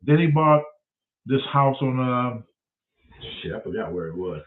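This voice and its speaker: A man, hosting and telling a profane, animated story, acting out both sides of the conversation. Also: medium pitch, unhurried. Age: 60s. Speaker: host. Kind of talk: casual storytelling. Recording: tinny phone-like sound.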